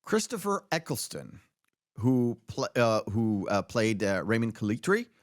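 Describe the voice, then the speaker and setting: A man's voice: on the low side, big pitch swings, unhurried, no echo, clean studio sound. A man hosting a casual movie podcast, rambling through trivia with many fillers and restarts. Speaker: podcast host.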